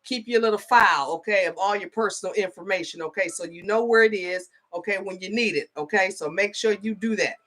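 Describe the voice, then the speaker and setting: Bright-voiced chatty middle-aged woman. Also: mid-range voice, brisk, hardly any pauses. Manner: chatty, peppered with "okay?" and "you know". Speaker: spiritual advisor. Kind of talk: casual storytelling vlog.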